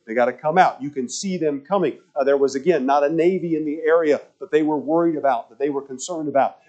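A man's voice: on the high side, mellow. A man preaching a sermon, telling stories with lots of repetition and stumbling restarts. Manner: storytelling with repetition and frequent stammered restarts.

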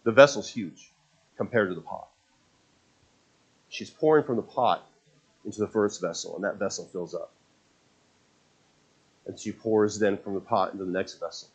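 A man preaching a sermon. He tells the story with animation, acts out the characters' words, and repeats and restarts phrases when he gets excited. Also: on the low side, normal speed, long pauses, slightly rough.

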